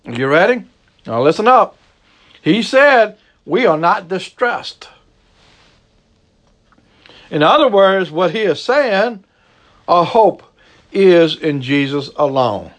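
Cajun preacher with a lively, swooping voice. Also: male voice. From Southern United States. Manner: emphatic preaching, repeats key phrases, drops to a low slow hush for stress. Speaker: pastor. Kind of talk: sermon.

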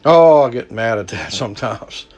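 A man preaching a sermon, folksy and lively, swinging from hushed lows to loud highs. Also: moderate pace, slight background noise.

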